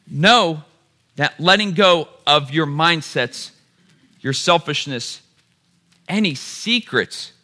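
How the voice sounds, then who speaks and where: A man's voice: high-pitched, pushed and bright. A man preaching a sermon, calling the crowd "y'all" and building to emphatic repeated phrases.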